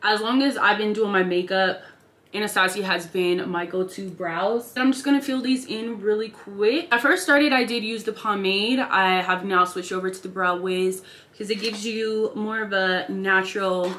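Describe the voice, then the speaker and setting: At her bedroom vanity, a twenty-something lifestyle vlogger narrates her makeup routine in an upbeat, slangy, chatty way. She speaks at normal speed with a medium, steady, slightly bright voice, and the sound is roomy.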